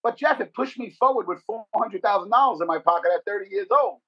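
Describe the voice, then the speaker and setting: A middle-aged man with a New York accent, from the Bronx, telling rapid, profane, animated stories in a casual interview. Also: high-pitched. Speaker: guest actor. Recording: dull lo-fi podcast audio.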